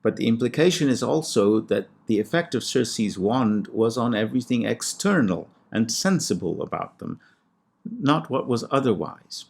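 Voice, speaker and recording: A man, a classics scholar, giving a measured and precise lecture on ancient poetry with a lightly wry touch. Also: medium pitch, very animated, creaky, slightly rough. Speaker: classics scholar and podcast host. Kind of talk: scripted lecture with recited Greek verse.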